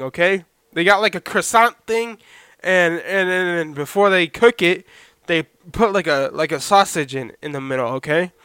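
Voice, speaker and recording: A young man hosting a solo podcast, talking loudly to listeners on a badly set microphone and checking in with "okay?" and "all right?" again and again. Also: a little high, clear, resonant tone, no echo, clean studio sound. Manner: loud, talks to listeners with repeated "okay?". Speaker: podcast host. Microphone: poorly set podcast microphone.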